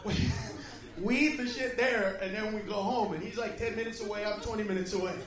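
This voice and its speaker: A man's voice: high voice, fairly even intonation, a little fast, distant mic. Brash, profane stand-up comedian man. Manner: brash, profane, bursts into shouting. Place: comedy club stage. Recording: echoey club from afar, loud crowd.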